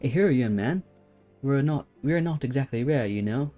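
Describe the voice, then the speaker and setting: A man's voice: mid-range voice, expressive, moderate pace, dark tone, dull audio, faint music behind, voice pushed up, lightly acted. A man reading as a plain-spoken hunter. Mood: matter-of-fact.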